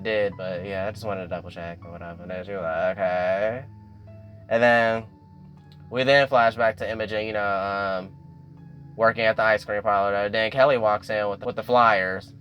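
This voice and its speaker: Chatty young man recapping a show. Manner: chatty, animated, acts out characters' lines with raised pitch. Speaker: YouTube recap host. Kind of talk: casual TV episode recap.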